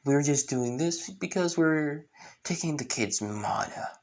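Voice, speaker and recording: A man's voice: a little high, lively intonation, unhurried, pitched above the performer's own voice. A man voicing a sneering, boastful male mud-mage villain in a fan story. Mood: mocking. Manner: mocking, boastful.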